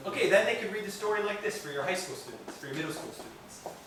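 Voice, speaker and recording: Animated American man teaching in an echoey room. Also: sits high, quick pace. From United States. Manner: animated, playful, acts out silly reading voices. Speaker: English teacher giving a training. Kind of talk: teacher training demonstration. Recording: echoey room, mic far off, noisy.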